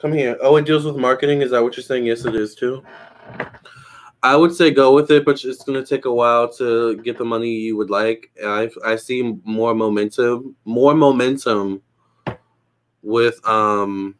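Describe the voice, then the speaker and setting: A man's voice: medium pitch, fairly even intonation, moderate pace, a little hiss or hum. A man doing live psychic tarot readings for viewers in a casual chat, hedging and answering questions from the chat. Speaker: livestream psychic tarot reader.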